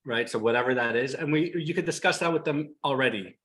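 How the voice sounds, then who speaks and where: A man's voice: mid-range voice, fast, slight background noise, poor audio. A tired man speaking as a hypnotherapist guest in a casual group discussion, telling stories animatedly on a video call. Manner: animated storyteller, acts out quotes.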